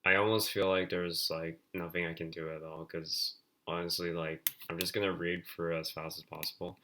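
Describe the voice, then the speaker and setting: A man's voice: deep voice, level tone, normal speed, noisy background. A man streaming a game, reading its text aloud and commenting in a rambling way, full of filler words.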